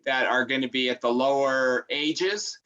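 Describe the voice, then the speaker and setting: A man of average pitch with a bright, forward tone hosts a referee meeting. He speaks earnestly and restarts his phrases now and then as he gives advice. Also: a little slow, dull audio. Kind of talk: meeting remarks.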